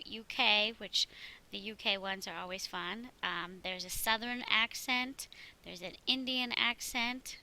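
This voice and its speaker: A woman teacher talks through a screen-recorded tutorial in a chatty way, explaining one step at a time. Her voice is very bright and clear at a middle pitch. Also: rough recording. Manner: chatty, walks through steps.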